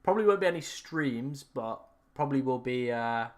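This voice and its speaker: A young man, his voice raspy and strained after hours of live streaming. He rambles and corrects himself as he chats to his viewers from home. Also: mid-range voice, expressive, normal speed. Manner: rambling, self-correcting, talks to chat. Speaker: fantasy football streamer. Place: room at home.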